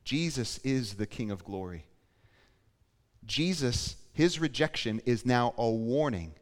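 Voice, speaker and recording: A man preaching a sermon as pastor, moving between quiet emphasis and loud, urgent appeals. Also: medium pitch, lively intonation, takes it slowly. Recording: long hall reverb.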